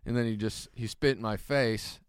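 A man co-hosting a casual comedy chat, telling a story and acting out the people in it with sudden jumps in pitch. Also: normal speed, smooth, no echo, clean studio sound. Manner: animated storyteller, acts out quoted people with big pitch jumps. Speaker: podcast co-host and comic.

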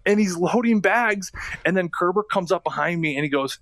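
A man co-hosts a sports radio show in a somewhat high voice, caught in a dry, close studio sound. He chats casually and tells stories with animation, stumbling over quick restarts as he goes. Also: expressive, a bit bright, no echo. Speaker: radio co-host and former hockey player.

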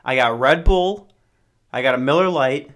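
A man's voice: medium pitch, normal speed, a bit bright. A man hosting a solo podcast, rambling in a casual, profane and sarcastic way and often mocking himself. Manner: self-mocking, jokey.

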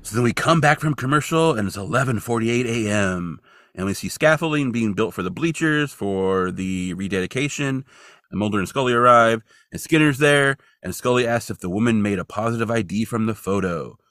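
A man's voice: fairly low pitch, animated, moderate pace, a bit bright, no room sound, clean studio sound. A man co-hosting a podcast, recapping a TV episode in loose, casual chat, full of "like". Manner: loose, uses "like" a lot. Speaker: podcast co-host.

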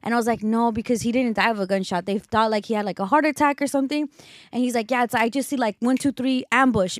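Young LA woman telling a story on a podcast, kinda high voice, dry close sound, lots of "like". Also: fast talker, dry recording. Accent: Los Angeles. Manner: animated storyteller, quotes others, many fillers. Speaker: podcast co-host. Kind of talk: casual storytelling chat.

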